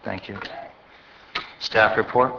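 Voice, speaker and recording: A man's voice: lowish voice, steady tone, slow pace, creaky. A man chairing a city council meeting as mayor, reading resolutions and calling votes in a formal, procedural manner. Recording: muffled council chamber audio with faint hiss.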